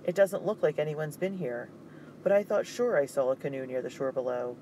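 A man's voice: fairly high pitch, expressive, fairly quick, warm tone, slight background noise, close to an everyday voice, poor audio. A man reading aloud, voicing a scheming male fur trader who snaps and scolds harshly. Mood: puzzled. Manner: harsh, snapping.

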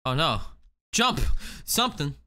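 Excitable bright-voiced male gamer. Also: a little high, unhurried. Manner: excitable, laughing, reading game text aloud. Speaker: gaming YouTuber. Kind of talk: casual let's play commentary.

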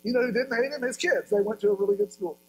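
A man's voice: high-pitched, quick pace, slight background noise, low-quality recording. A male pastor giving a sermon, telling a story with humor and acting out voices.

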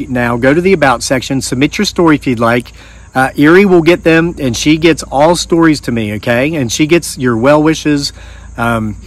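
A man hosting a channel, reading viewer stories aloud with casual joking asides. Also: mid-range voice.

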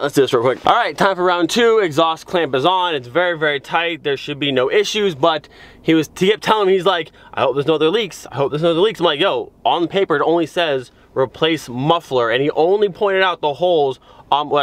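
A man's voice: mid-range voice, a bit bright, no echo. A young man filming a casual car vlog, talking in a rambling, exasperated way with many filler words. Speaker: car vlogger.

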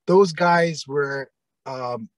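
A man's voice: on the high side, very slow, crowd noise, low-quality recording. A man, a guest in an interview, telling a long story in a rambling way with many fillers and restarts, acting out other people's lines.

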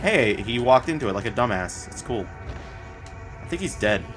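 A man giving casual, profane commentary while he plays, swearing often and blurting out quick reactions. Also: medium pitch, big pitch swings, over music. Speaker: gameplay streamer.

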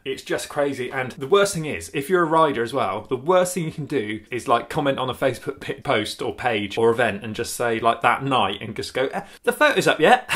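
A man's voice: medium pitch, a bit bright. A man chatting casually to camera as a cycling vlogger, rambling with frequent restarts and laughs.

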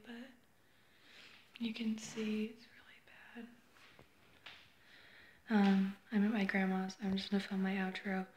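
A woman vlogging in a casual, chatty way indoors at her grandmother's house, cooing baby talk at her cat and teasing it playfully. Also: medium pitch. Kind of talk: casual vlog chat.

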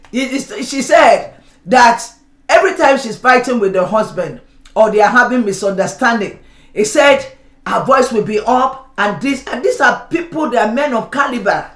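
A woman's voice: fairly high pitch, a bit bright. A middle-aged woman pastor preaching a sermon, calling on the congregation to respond and acting out everyday examples. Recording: roomy church sound.

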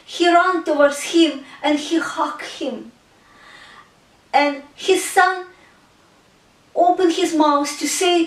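A woman retells a Bible parable in a slow, earnest storytelling manner. Her voice sits high, and her phrasing is simple and unhurried. The recording is roomy, with the mic set a little away from her. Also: steady tone, recorded from a distance. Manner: slow, earnest storytelling with non-native grammar. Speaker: Christian artist and speaker. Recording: echoey room, speaker away from mic.

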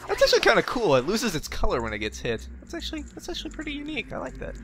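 Racing along in a very high voice full of huge pitch swings, a young man gives casual, jokey let's play commentary, fairly bright in tone with slight background noise. He talks back to the game and swears now and then; a facecam desk mic picks him up, with game music underneath.

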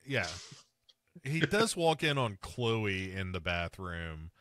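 A man's voice: on the low side, big pitch swings, takes it slowly, a bit bright, no echo, clean studio sound. A man hosting a podcast, recapping a film scene by scene in casual chat and slipping into mocking voices for the characters. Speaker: podcast host.

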